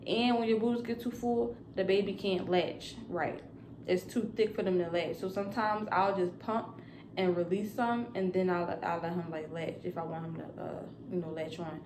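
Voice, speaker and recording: A woman's voice: fairly low pitch, fairly even intonation, normal speed, roomy sound, background noise. A young woman vlogging casually to camera about new motherhood, rambling with lots of fillers. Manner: chatty and rambling, with many fillers.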